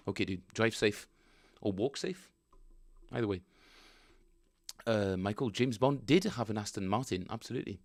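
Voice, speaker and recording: A man's voice: lowish voice, moderate pace, pauses often. A man casually chatting with viewers on a live stream, rambling and joking as he reads chat aloud. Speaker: bass player streaming practice.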